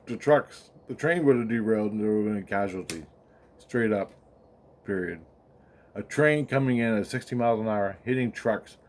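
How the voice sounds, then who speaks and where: A man's voice: mid-range voice, a little mellow. A man rambling and swearing as he recounts a spiritual experience, acting out the dialogue in his story. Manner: rambling, profane, acts out quoted dialogue, laughs often. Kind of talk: rambling casual monologue.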